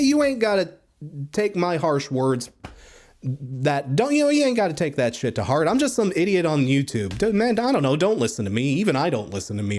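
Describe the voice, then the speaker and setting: A man's voice: a little high, darkish tone. A man reviewing albums in a casual, blunt and profane monologue, rambling and joking. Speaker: music critic.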